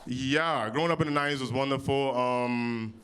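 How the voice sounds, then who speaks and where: A man in his early thirties doing improvised stand-up comedy on audience topics, with big jumps in pitch when he quotes people. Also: normal speed. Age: 30s. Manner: animated, jumps high for quoted voices. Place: comedy club stage. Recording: live venue with audience.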